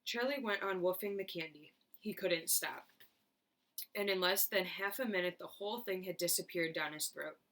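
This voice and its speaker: Woman teacher, storybook narration, expressive, lowish voice. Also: normal speed. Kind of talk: storybook read-aloud.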